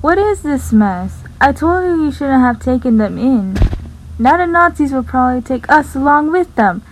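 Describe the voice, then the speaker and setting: A woman reading the part of Nora, a bitter, hostile housewife who scolds her husband loudly. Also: sits high, animated, moderate pace, slight background noise, pitched above the performer's own voice, rough recording. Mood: angry.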